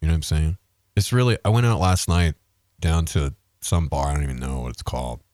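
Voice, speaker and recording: A man's voice: a bass voice, brisk, darkish tone, dry recording, clean studio sound. A man co-hosting a podcast in casual chat, ranting and swearing freely. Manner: profane, ranting. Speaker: podcast co-host.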